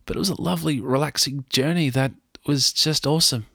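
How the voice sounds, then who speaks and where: A man's voice: fairly high pitch, a little fast, vocal fry, pushed and bright, slightly rough, no echo, studio quality. A middle-aged man with an Australian accent tells a rambling travel story in a casual monologue, joking at his own expense. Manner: rambling, joking, self-mocking.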